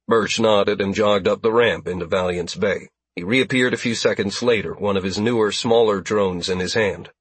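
A man reads a science fiction audiobook in a steady, even manner. His voice is husky and slightly low, recorded dry and close to the mic. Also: no room sound. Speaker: audiobook narrator. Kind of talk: scripted narration.

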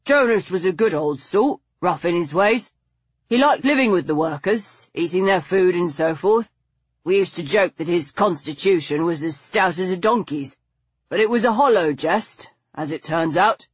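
Woman voicing a soft-spoken earnest gentleman. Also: fairly low pitch, animated, normal speed, husky, dry recording, muffled recording.

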